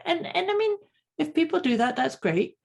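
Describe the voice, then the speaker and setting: A woman's voice: very high-pitched, big pitch swings, moderate pace, vocal fry, darkish tone. A woman co-hosting a casual podcast who talks thoughtfully and often repeats words while searching for them. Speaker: podcast co-host and coach.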